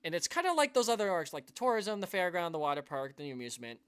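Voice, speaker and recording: A man's voice: high-pitched, big pitch swings, quick pace, a bit bright, clear, resonant tone. A man hosting a live stream, talking to his viewers in an earnest, rambling way, full of restarts and sighs, and emotional. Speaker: YouTube channel host.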